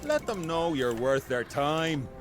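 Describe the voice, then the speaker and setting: A man's voice: fairly high pitch, very animated, slow pace, loud music behind the voice, voice pushed up. A man putting on a rowdy leader who rallies his soldiers to grab gold, in a boisterous, hammy way. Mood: rallying.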